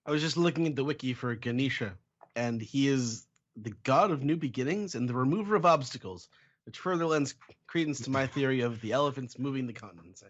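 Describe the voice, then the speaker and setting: A man's voice: mid-range voice, expressive, a little fast, muffled recording. A man co-hosting a podcast, chatting casually with wry, dry jokes.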